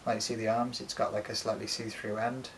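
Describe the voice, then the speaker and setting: A man's voice: on the low side, flat delivery, brisk, fairly bright tone, slight background noise, poor audio. A man chatting casually at home about his collection, rambling with lots of ums and frequent swearing. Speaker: doll collector and co-host. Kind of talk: casual chat showing a collection.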